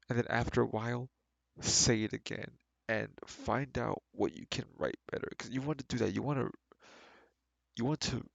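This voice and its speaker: Guy reading a book out loud and roasting it, gravelly fry, dry close sound, pretty sarcastic. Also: mid-range voice, dry recording. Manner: sarcastic, mocking and exasperated. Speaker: streamer reading a book aloud. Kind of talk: reading aloud with critical commentary.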